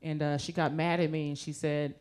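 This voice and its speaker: A woman's voice: low-pitched, level tone, brisk, darkish tone. A woman doing a stand-up comedy set with a brash, profane, conversational delivery. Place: comedy club stage with live audience. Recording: audience laughter and noise.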